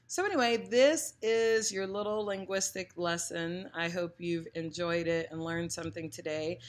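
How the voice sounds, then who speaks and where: Woman language teacher, lower voice, casual, playful, opinionated, acts out sounds as she explains. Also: moderate pace. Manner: chatty, playful, opinionated, demonstrates sounds aloud. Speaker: Spanish teacher.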